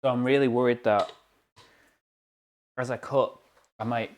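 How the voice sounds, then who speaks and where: This young UK man talks unhurriedly in a slightly mellow, medium-pitched voice with fairly even intonation. Streaming live from his kitchen as he bakes, he chats casually and makes self-deprecating jokes.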